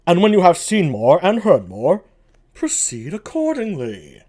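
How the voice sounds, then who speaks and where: A man's voice: sits high, wildly swooping pitch, a little slow, dark tone, voice pushed up, exaggerated voice. A man reading aloud as a mopey, gloomy male villain in a solo play reading. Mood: mopey scheming.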